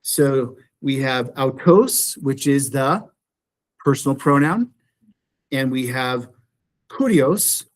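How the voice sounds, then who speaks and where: Guy teaching intro greek in a classroom, mid pitch, keeps saying right? and repeating himself. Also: lively intonation, slow pace, pauses often. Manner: explanatory, repeats phrases, checks in with "right?". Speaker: Greek instructor. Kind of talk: classroom lecture.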